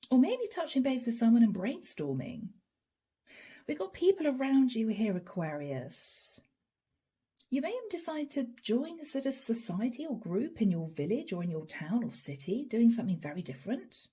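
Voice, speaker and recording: Woman, psychic reader, higher breathy voice, chatty and direct to camera. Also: warm tone. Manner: chatty, direct, keeps addressing the viewer by star sign. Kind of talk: casual channeled reading to camera.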